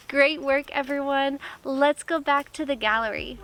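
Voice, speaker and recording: A woman's voice: high-pitched, fairly even intonation, normal speed, few pauses, a bit bright, slight background noise. A woman teaching a kindergarten lesson, talking cheerfully and coaxingly straight to young children.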